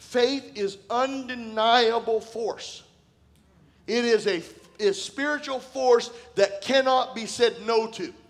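High-voiced man preaching a lively sermon. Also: takes it slowly. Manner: animated, conversational preaching with bursts of shouting and laughter. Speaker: pastor. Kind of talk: sermon with personal stories. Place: church sanctuary.

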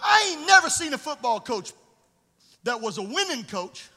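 A male pastor preaches a blunt, scolding sermon in a very high, forceful voice. He swings from plain talk to bursts of shouting. His words ring out in a long church reverb. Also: big pitch swings, moderate pace.

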